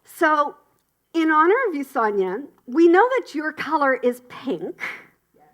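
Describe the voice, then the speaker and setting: Speaking a little slowly in a high, slightly bright voice with lively intonation, a woman makes cheerful church announcements indoors at a spiritual community gathering. She's chatty and enthusiastic, cheering the news along.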